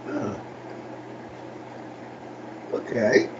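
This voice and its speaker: Co-host guy, short dry answers, slow, dull sound with noise. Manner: laconic, short replies.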